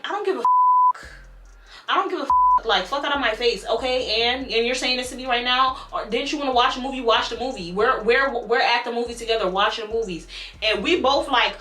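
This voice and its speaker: A young woman telling a storytime on her vlog, animated and blunt, swearing freely. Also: fairly high pitch, fast, roomy sound, heavy background noise.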